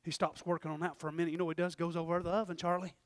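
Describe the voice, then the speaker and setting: A male preacher, giving an animated sermon, often shouting and acting out his own prayers. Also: a little high, rapid-fire, no echo, studio quality.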